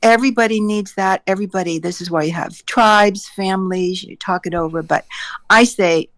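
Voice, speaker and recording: A woman's voice: medium pitch, normal speed, a bit bright, dry recording. A woman calling in to a chat show, talking hesitantly and repeating her words. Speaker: caller. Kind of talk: casual call-in chat.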